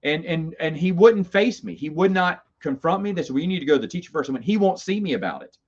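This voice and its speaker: A man's voice: fairly high pitch, quick pace. A middle-aged man casually telling stories about his college days, rambling and self-amused, with stammered restarts. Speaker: host. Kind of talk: casual storytelling. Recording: slightly dull lo-fi sound.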